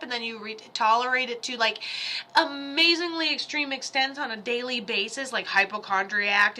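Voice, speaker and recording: A woman's voice: fairly high pitch, sharp tone. A woman giving casual livestream psychic readings, chatty and blunt, joking as she goes. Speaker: psychic medium.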